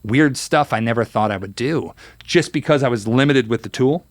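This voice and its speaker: A man in his thirties, a guest guitarist telling stories in a casual interview, lively and acting out quotes, with many fillers. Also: mid-range voice, moderate pace, no echo.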